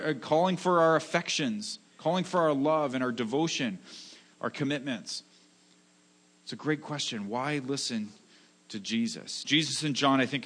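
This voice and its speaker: A man's voice: on the high side, fairly bright tone. A man preaching a sermon as a pastor, earnest and repetitive, often restarting phrases and asking "right?".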